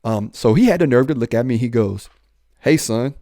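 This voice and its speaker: A man's voice: mid-range voice, fast, dry recording, clean studio sound. Man telling a raw personal story. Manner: animated, acts out dialogue with slang. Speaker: police officer and guest. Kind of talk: candid storytelling.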